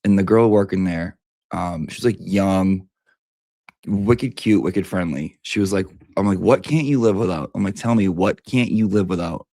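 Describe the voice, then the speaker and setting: New guy with a deep gravelly voice hyping skincare, crude and theatrical. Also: normal speed, dark tone, dry recording. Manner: brash, profane, theatrical. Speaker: beauty product reviewer. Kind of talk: comic product review vlog.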